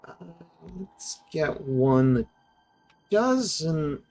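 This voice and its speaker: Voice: medium pitch, very animated, very slow, darkish tone, soft background music. A streamer giving casual, chatty commentary over a factory-building game, explaining its mechanics with amusement.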